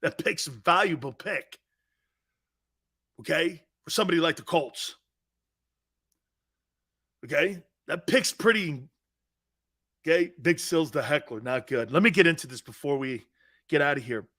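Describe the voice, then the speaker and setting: A middle-aged man hosting a sports talk show, telling self-mocking stories in a lively, animated way. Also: a little high, measured pace, long pauses.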